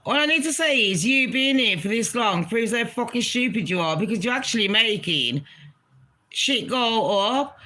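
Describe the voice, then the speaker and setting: Bright-voiced, foul-mouthed woman. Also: on the high side, expressive, normal speed. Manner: blunt, profane, mocking. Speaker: livestreamer. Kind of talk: casual livestream rant to chat.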